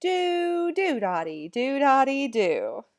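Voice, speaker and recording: Animated woman teaching kids a music lesson. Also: high voice, takes it slowly. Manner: chants rhythm syllables, talks straight to kids. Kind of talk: recorded online lesson for children. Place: at home.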